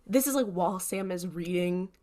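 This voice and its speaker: A woman's voice: lowish voice, moderate pace. A young adult woman co-hosting a podcast, casually recapping a TV episode and quoting the characters with laughs. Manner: lively, quotes characters with laughter. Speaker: podcast co-host.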